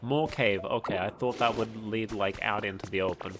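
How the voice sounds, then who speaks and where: A man's voice: lowish voice, steady tone, moderate pace, noisy background. A man streaming a video game, chatting casually and reading the on-screen text aloud as he plays. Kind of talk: casual gameplay commentary. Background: game music.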